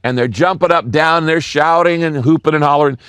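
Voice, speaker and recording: A man's voice: fairly high pitch, a little fast, fairly bright tone, clear, resonant tone, no room sound. An older man preaching a sermon, telling stories and acting out quoted voices, repeating key lines for emphasis. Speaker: pastor.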